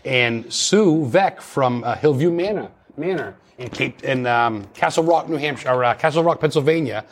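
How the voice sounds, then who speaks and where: A man's voice: mid-range voice, expressive, normal speed, slight background noise. A man talking as a paranormal investigator guest in a casual interview, chatty and rambling with many restarts.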